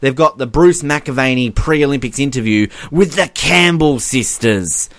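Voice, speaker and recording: A man's voice: medium pitch, measured pace, a little hiss or hum. A man co-hosting a podcast, chatting casually and acting out quotes with lots of laughs. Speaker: podcast co-host. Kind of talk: casual chat. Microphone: podcast mic.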